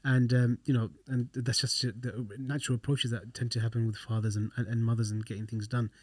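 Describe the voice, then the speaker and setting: A man's voice: mid-range voice, little pitch movement, fairly quick, a little mellow, dry recording. A man co-hosting a casual podcast chat, explaining things in a reassuring way as an experienced father. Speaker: podcast co-host.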